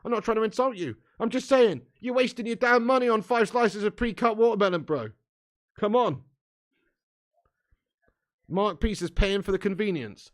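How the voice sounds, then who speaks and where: A man's voice: sits high, moderate pace, pauses often. A young English man hosting a live stream, chatting in sweary, laddish banter with his viewers and laughing often. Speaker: livestream host. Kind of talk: live watch-along chat.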